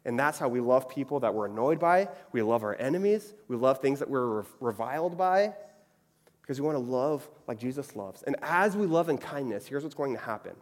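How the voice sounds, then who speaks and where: A man's voice: mid-range voice, lively intonation, fairly quick. A young adult man giving a conversational sermon, chatty and often checking in with the audience. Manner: chatty, frequently asks "right?". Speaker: preacher. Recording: long reverb of a hall.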